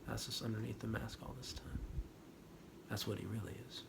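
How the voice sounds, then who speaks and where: A man giving a spiritual talk, retelling a story in an animated, dramatic way that swings from loud to hushed. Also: lowish voice, brisk, vocal fry. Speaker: spiritual teacher. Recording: steady background noise.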